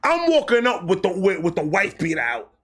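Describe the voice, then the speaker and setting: A young man telling a casual, comedic story, animated, acting out quotes with slang and swearing. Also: sits high, normal speed, husky. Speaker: storyteller host.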